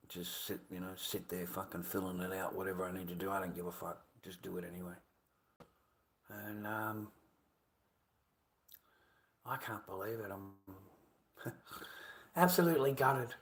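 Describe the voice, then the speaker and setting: A man's voice: lowish voice, low-quality recording. An Australian man in a casual livestream rant who swears and keeps repeating himself in an aggrieved way.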